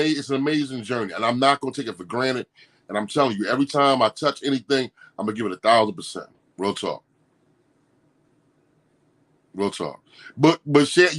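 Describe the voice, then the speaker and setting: Guy hosting a morning podcast, aave, kinda high voice, laughing and repeating stuff. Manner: animated, laughing, slangy, repeats himself. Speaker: podcast host. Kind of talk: casual morning show chat.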